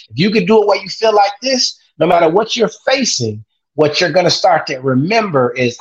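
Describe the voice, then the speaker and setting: A man speaking as a guest on a casual podcast. He talks about being a father, in an energetic, repetitive, motivational way. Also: on the high side, normal speed. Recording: echoey, dull lo-fi sound.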